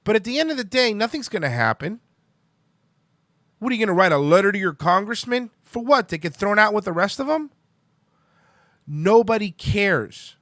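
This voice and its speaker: Young male host, high voice, heated profane ranting, dry close sound. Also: sing-song, fairly quick, sharp tone, no echo. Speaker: podcast host. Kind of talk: ranting live-stream talk.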